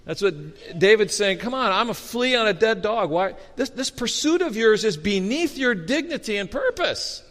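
A man preaching a sermon as a pastor, animated and storytelling with humor, often restarting his words. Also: high voice, fairly quick. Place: church sanctuary. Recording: long reverb of a hall.

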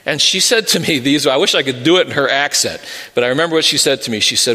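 A middle-aged man, a pastor, preaching an earnest sermon with measured pauses and personal stories. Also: mid-range voice, animated, pushed and bright. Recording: long reverb of a large hall.

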